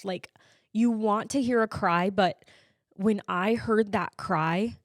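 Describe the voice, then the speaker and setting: A woman hosting a podcast, telling a personal story in an emotional, animated way with many fillers. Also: medium pitch, unhurried, no room sound, clean studio sound. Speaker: podcast host.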